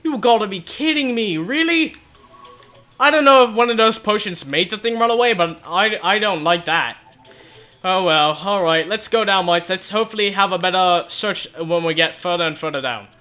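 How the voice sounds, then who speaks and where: A young man giving excited commentary on his own gameplay, often exclaiming and shouting as things happen. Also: high voice, normal speed. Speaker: gaming video host.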